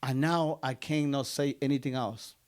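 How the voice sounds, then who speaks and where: A man's voice: medium pitch, steady tone, normal speed. A man from Guatemala, telling a personal story on stage and acting out both sides of a conversation.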